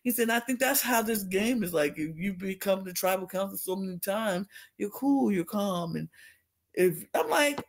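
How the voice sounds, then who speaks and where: A woman co-hosts a casual podcast chat, her voice leaping high and low as she acts out the quotes she retells. She sounds indignant, venting at length in a middle-pitched voice. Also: normal speed. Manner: animated, acts out quotes with big pitch jumps. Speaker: podcast co-host.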